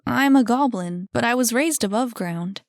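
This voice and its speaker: Narrator doing a high, earnest young goblin woman, bright and eager, for a storybook read. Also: lively intonation, moderate pace, no echo, clean studio sound. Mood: hesitant.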